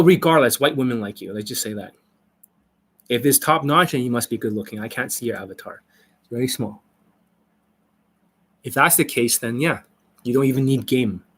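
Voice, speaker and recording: A man's voice: medium pitch, husky. Blunt, profane man on a live stream. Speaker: dating coach.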